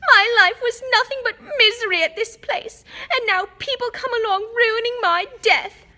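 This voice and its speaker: A woman's voice: extremely high pitch, very animated, takes it slowly, pushed and bright, pitched above the performer's own voice, full character voice. A woman reading an audiobook, voicing the ghost of a teenage girl who wails and weeps dramatically. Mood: tearful wailing. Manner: wailing, dramatic, tearful. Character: weepy self-pitying ghost of a teenage girl.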